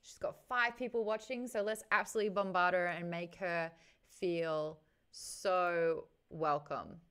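A young woman with an Australian accent, hosting a book club livestream in chatty, offhand talk full of quick asides. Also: fairly low pitch, steady tone, fairly bright tone, clean tone. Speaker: host of a book club stream. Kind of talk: casual livestream chat.

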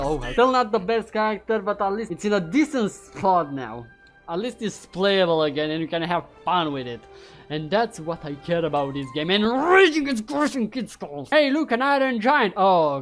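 A man commentating his own gameplay who swears often, taunts his opponents and bursts into yelling. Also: sits high. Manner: bursts into loud yelling when winning or losing. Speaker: gaming YouTuber.

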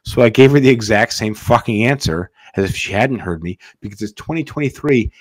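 A man's voice: mid-range voice, expressive, brisk, no echo. A man hosting a podcast in casual chat, rambling and swearing, restarting his words often. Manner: rambling, profane, repeats words when starting. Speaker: podcast host.

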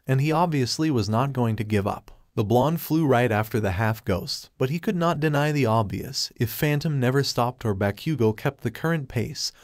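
A man reads a fanfiction story aloud in a steady, even narrating voice. His pitch sits in a middle range. The sound is dry and close, with no room echo.

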